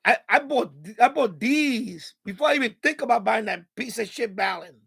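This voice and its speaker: A man's voice: extremely high pitch, lively intonation, moderate pace, creaky, fairly bright tone, slightly rough. A man hosting an amateur radio livestream, in an angry, profane, repetitive rant. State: mad. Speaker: ham radio livestream host.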